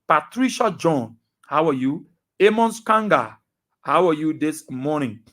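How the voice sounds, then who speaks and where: A man with a Liberian accent, a radio talk show host reading out listener names and greetings in a brisk roll call. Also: fairly high pitch, lively intonation, a bit bright.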